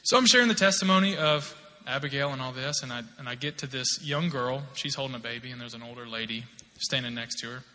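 Male preacher in his thirties, bright and forceful, casual testimony turning emphatic, heard in a reverberant church. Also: mid-range voice, quick pace, hardly any pauses. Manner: conversational storytelling, rising to emphatic exhortation. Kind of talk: sermon with personal testimony. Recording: long hall reverb.

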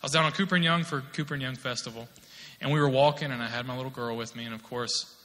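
A fast-talking man in his thirties preaches with a steady, mid-range tone that's pushed and bright, his words ringing with long hall reverb. He recounts a personal testimony in a chatty way that climbs toward emphatic exhortation.

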